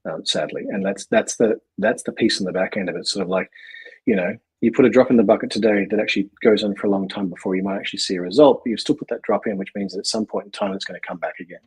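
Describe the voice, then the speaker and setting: A man's voice: lowish voice, lively intonation, quick pace, creaky, darkish tone, husky, poor audio. A man guesting on a podcast, talking reflectively and rambling with restarts. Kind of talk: casual conversation.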